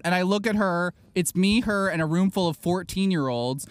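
A man in his forties telling a story in casual chat, animated, laughing often and acting out other people's voices. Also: high voice, normal speed, few pauses.

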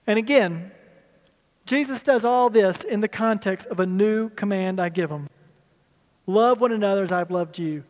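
High-voiced man preaching in a reverberant hall. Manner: conversational, explaining and asking the room. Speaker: pastor. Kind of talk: teaching sermon with slides.

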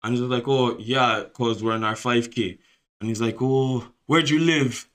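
A young man tells a story to his friends. His voice sits in an ordinary middle range. He talks in a loose, animated way, swearing freely and laughing between lines. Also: mid-range voice, normal speed. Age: 20s. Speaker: podcast host. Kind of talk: casual storytelling chat.

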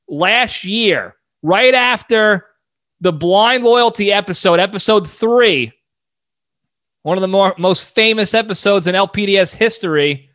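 A man hosting a solo podcast who rambles in an animated way, often cutting himself off mid-thought. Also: high voice. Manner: rambling, animated, self-interrupting. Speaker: podcast host.

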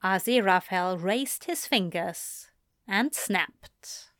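Slow-reading woman narrator. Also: medium pitch, animated, a bit bright. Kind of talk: scripted narration of fan fiction.

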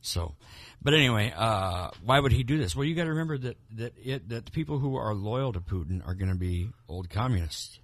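A man's voice: fairly low pitch, lively intonation, brisk, hardly any pauses. A man co-hosting a podcast, talking casually about the news in a rambling way, with many restarts and repeated words. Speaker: podcast co-host. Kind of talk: casual political chat.

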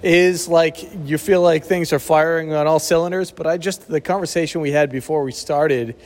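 A man co-hosting a casual podcast shares his thoughts candidly and reflectively, sometimes pausing to search for words. His voice sits a little higher than most men's. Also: fairly even intonation, darkish tone. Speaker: podcast co-host. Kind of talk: casual recovery podcast chat.

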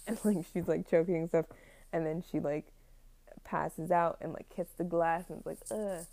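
A woman's voice: low voice, level tone, moderate pace, mellow. A young woman casually retelling a film plot, rambling with many fillers and frequent laughs.

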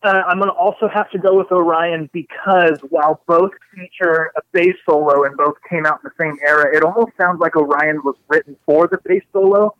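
A man speaks as a guest on a music podcast, thoughtful and articulate. His voice sits fairly high for a man. The sound is dry and a bit muffled, like a lo-fi remote connection. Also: steady tone, brisk, hardly any pauses, dry recording. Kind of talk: casual chat.

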